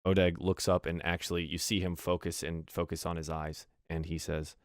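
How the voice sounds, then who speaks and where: A man's voice: deep voice, flat delivery, normal speed, hardly any pauses, no room sound, studio quality. A man narrating a tabletop game as game master, in loose, descriptive speech with frequent "uh"s.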